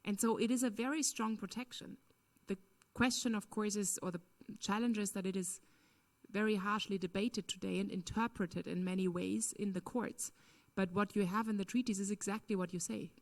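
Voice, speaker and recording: A woman's voice: mid-range voice, fairly even intonation, normal speed. A woman speaking at a conference, answering a question in an earnest, emphatic way with frequent "um" and "you know". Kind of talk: lecture Q&A answer.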